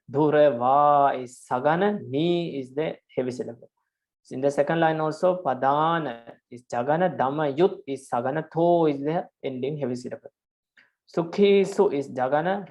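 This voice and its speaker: A man's voice: a little high, a little mellow. A man, a Buddhist monk, patiently teaching a class on verse meters and counting syllables aloud, with frequent hesitations. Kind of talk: online class lecture.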